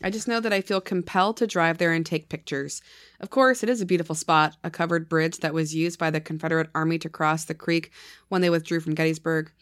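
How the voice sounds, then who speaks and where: A woman's voice: deep voice, a little fast, dry recording, studio quality. A woman, a podcast host whose voice is slightly scratchy from illness, chatting playfully and reading true ghost stories aloud. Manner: playful, laughs often, reads stories in a lively storytelling way.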